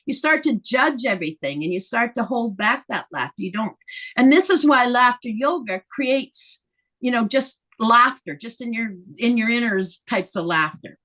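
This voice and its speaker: A woman leading a live laughter yoga session over a video call, animated and often breaking into laughter as she guides breathing. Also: a little high, normal speed.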